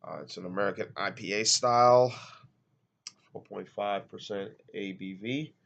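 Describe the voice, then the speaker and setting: A man reviews a beer in a casual home vlog, moving from room to room and talking through a laptop's built-in mic. His voice is lowish, congested and nasal, creaky and a bit bright, at a moderate pace, and he rambles hesitantly with many fillers. The sound is lo-fi.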